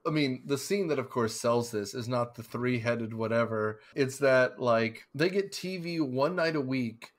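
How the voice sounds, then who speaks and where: A man's voice: medium pitch, a little slow, hardly any pauses. A man hosting a casual podcast discussion, rambling with many fillers and restarts, acting out scenes as he describes them. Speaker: podcast host.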